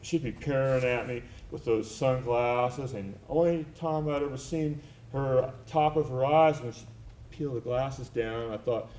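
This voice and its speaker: A man's voice: medium pitch, measured pace, darkish tone, slight background noise. A man performing a theatrical one-man monologue on stage, telling his story in a reflective, tender and wry way. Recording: echoey live theater recording.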